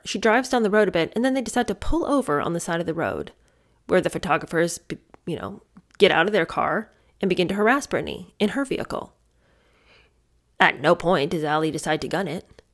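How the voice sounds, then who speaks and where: A woman's voice of middle pitch, talking casually and emphatically as she reviews a book. She argues back at the people in the story as if they could hear her. She leans on rhetorical questions. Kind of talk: casual commentary.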